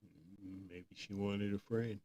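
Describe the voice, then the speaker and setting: A man's voice: lowish voice, fairly even intonation, slow pace, mellow, roomy sound, dull audio. A man in casual chat, mostly giving brief, laid-back agreeing replies.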